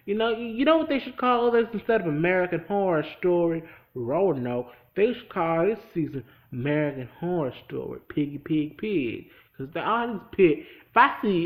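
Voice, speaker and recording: An animated vlogger chatting through a TV episode recap. The voice swoops widely up and down in pitch and has a gravelly rasp. They talk straight to the camera as if to a friend. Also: moderate pace, lo-fi sound. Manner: animated, talks straight to the viewer. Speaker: TV episode reviewer. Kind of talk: casual chat recapping a TV episode.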